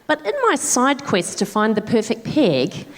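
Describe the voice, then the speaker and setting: Woman comedy co-host, live, dry quick one-liners, expressive pitch. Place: large theatre stage. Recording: live theatre with audience noise. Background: audience laughter.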